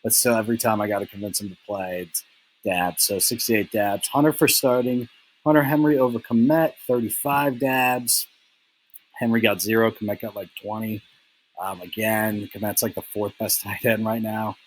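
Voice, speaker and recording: A man's voice: lowish voice, fairly even intonation, moderate pace, low-quality recording. A young man hosting a casual fantasy football recap, teasing his friends in a rambling way full of "like" and "um.". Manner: teasing, lots of "like" and "um" fillers.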